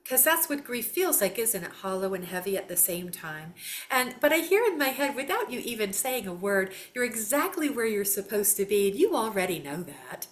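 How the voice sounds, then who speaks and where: A woman, a psychic doing casual readings on a live call, animated, folksy and quick to laugh. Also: mid-range voice. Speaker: psychic guest.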